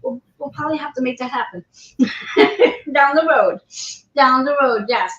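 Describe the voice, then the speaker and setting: A woman's voice: sits high, moderate pace, a bit bright. A woman hosting a livestream interview, chatty and encouraging, often repeating her words. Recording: roomy, dull lo-fi livestream audio.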